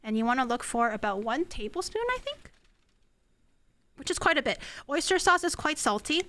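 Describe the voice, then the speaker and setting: A woman's voice: sits high, animated, normal speed, pushed and bright. A woman streaming herself cooking at home, chatting casually, self-mocking and swearing. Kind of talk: casual cooking livestream chat.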